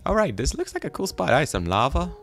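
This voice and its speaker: A man's voice: fairly high pitch, sing-song, fast, vocal fry, a bit bright, faint music behind. A man doing casual, rambling game commentary in a goofy, self-deprecating way, chatting to the animals on screen. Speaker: gaming YouTuber.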